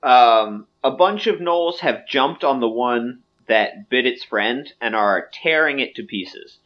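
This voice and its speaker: A man narrating as game master in a relaxed way, with many fillers. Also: mid-range voice, slow pace, muffled recording.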